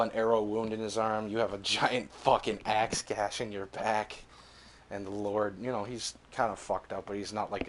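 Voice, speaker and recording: Low-voiced young male game master. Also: a little hiss or hum. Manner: vivid, swearing freely, laughing between beats. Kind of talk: narrating a tabletop game.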